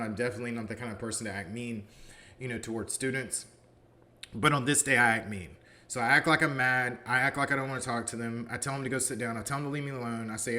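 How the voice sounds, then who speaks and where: A man's voice: mid-range voice, bright, forceful tone. A male college philosophy professor telling a story in a casual, conversational way, often saying "you know" and acting out what people said. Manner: acts out quoted dialogue in his stories.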